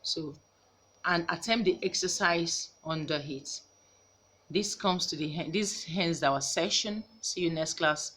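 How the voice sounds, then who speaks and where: A woman teacher from Nigeria giving a recorded grammar lesson, slowly repeating each example sentence. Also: lowish voice, a bit bright.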